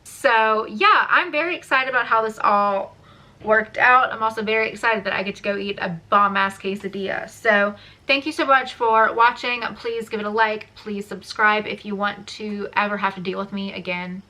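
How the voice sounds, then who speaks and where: A woman's voice: medium pitch, fairly even intonation, moderate pace, pushed and bright, low-quality recording. A young woman, casually rambling through a makeup review in her own vlog, swearing now and then. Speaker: beauty vlogger.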